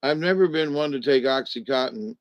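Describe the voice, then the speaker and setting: An older man chatting casually to his viewers, drowsy and a little medicated after a hospital stay, meandering and halting with many restarts. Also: mid-range voice, no echo. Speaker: vlogger talking to live chat. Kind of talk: rambling casual chat to viewers. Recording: dry, dull lo-fi home recording.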